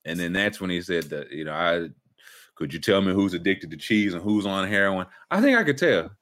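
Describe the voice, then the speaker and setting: A man's voice: sits low, fairly even intonation, brisk, fairly bright tone. A man hosting a casual sports and news podcast, joking and riffing with his co-hosts. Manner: joking, riffs in bits. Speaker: podcast host. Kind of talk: casual chat.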